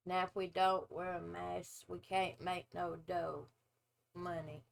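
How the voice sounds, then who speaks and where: Her delivery is flat, her voice on the low side with some vocal fry, and the audio quality is poor. She's in her forties, a former nurse hosting a casual reaction video, opinionated and blunt, wandering into long asides.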